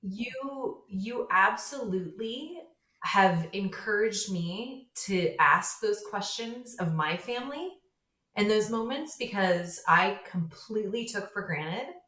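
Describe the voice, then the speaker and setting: A woman who is a guest on a casual podcast, speaking earnestly and reflectively. Her voice is bright and sharp at mid pitch. The recording has a roomy echo.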